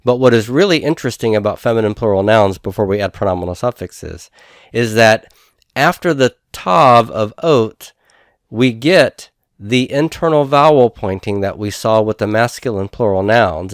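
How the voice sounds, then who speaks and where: A Hebrew grammar teacher, a man with a somewhat low voice, lectures on grammar in a close, dry recording with no echo. He patiently works through each step, spelling out syllables slowly and pausing to make sure his students are following.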